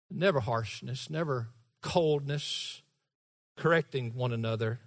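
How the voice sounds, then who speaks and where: A man preaching a sermon with a high, bright, forceful voice that rises to shouts for emphasis. As the pastor, he drives each point home and teases the congregation. A long church reverb trails his words in the large hall. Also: unhurried. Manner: teasing the congregation.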